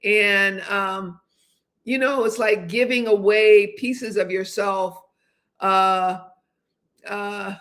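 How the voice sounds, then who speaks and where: A woman's voice: mid-range voice, steady tone, very slow, long pauses, fairly bright tone. Rambling woman in her seventies. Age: 70s. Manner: rambling, with many restarts and hesitations. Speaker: host. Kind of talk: casual livestream chat.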